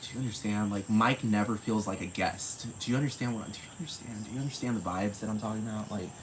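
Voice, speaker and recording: Against a noisy background, a fast-talking man with a fairly low voice hosts a solo podcast, rambling in casual, profane commentary and asking over and over whether the listener knows what he means.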